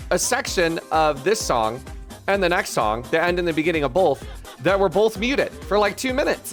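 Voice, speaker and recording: A man's voice: on the high side, a bit bright. A man streaming live, chatting casually with viewers in a rambling, self-mocking, profane way, with faint music behind. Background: faint music playlist.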